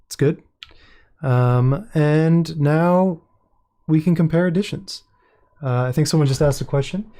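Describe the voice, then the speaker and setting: Man, casual livestream host, chatty, self-amused, mellow tone. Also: fairly high pitch, measured pace, long pauses. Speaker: independent publisher and host. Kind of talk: casual livestream product launch.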